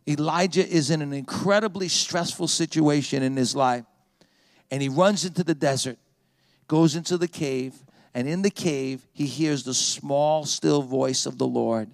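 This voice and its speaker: A male pastor preaching a sermon, rising to emphatic scripture reading and dropping to a slow, hushed prayer. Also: fairly high pitch, gravelly, no echo, clean studio sound. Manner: emphatic, slows to a hush for prayer.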